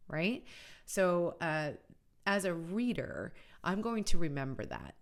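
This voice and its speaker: Earnest middle-aged woman host with a low voice, chatty educational delivery. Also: sing-song, unhurried. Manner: earnest, conversational, often adds "right?". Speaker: college funding educator and channel host. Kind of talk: casual educational video talk.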